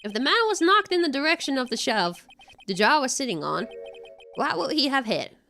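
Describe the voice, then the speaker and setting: A woman's voice: sits high, big pitch swings, normal speed, vocal fry, sharp tone, soft background music, pitched above the performer's own voice, exaggerated voice. A woman reading a confident young male defense lawyer's courtroom lines aloud from a game, with a Finnish accent. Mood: theatrical.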